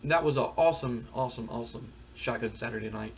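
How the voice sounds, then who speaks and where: A man's voice: medium pitch, brisk, hardly any pauses. A man casually talking through a wrestling management game for his channel, rambling with lots of fillers. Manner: rambling, relaxed, many fillers. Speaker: gaming video creator.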